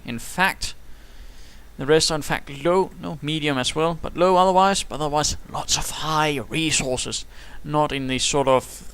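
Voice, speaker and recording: A man's voice: a little high, sharp tone, clean tone. A man giving playful, theatrical commentary over a strategy game replay, full of whimsical asides. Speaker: caster.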